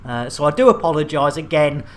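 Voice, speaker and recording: A man's voice: on the high side, lively intonation, a little fast. Male streamer, chatty and jokey, addressing his viewers. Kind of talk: casual game streaming chat.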